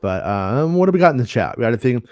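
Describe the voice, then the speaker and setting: A man hosts a casual live-streamed podcast in a mid-pitched voice, often stammering and restarting before he lands a joke. His voice sounds dry and close to the mic, with no room around it. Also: big pitch swings, rapid-fire, darkish tone, no echo. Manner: stammering restarts, joking rants. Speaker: podcast host.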